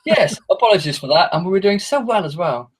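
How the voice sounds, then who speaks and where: A man's voice: high-pitched, big pitch swings, fast, slightly rough. An English man, a horror author, chatting casually as a podcast guest, hesitant with many ums and self-mocking asides. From England.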